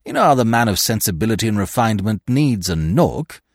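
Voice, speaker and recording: A talkative young Englishman in a storybook, full of ornate, pompous turns of phrase and dry whimsy, as a male narrator voices him. His pitch rises and falls freely, and the recording is dry and close. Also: very animated, a little fast, dry recording. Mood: wry. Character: verbose, urbane young Englishman, drily whimsical.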